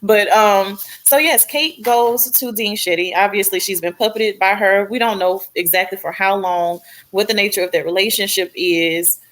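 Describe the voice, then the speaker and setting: A woman co-hosting a casual TV recap chat, talking in an animated, slangy way. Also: mid-range voice, moderate pace, hardly any pauses. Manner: animated, slangy, acts out characters' lines. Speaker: podcast co-host.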